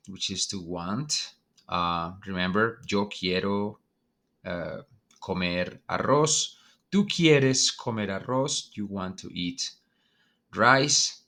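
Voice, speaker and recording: A man's voice: fairly low pitch, sharp tone. A man teaching an online Spanish lesson, explaining in a loose, hesitant way with many ums and uhs.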